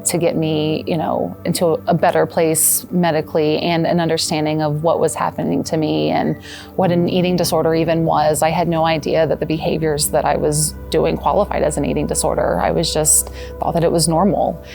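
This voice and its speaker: Low-voiced earnest woman in her thirties. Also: level tone, creaky, soft background music. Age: 30s. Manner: earnest, halting, with soft restarts. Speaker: former patient giving a testimonial. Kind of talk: personal testimonial.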